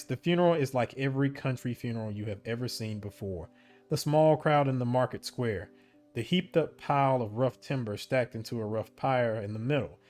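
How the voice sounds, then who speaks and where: A man reading the narration of an interactive story game aloud, breaking off for casual asides about his choices. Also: medium pitch. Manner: steady storybook reading broken by casual asides and laughs at slips. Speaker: game streamer.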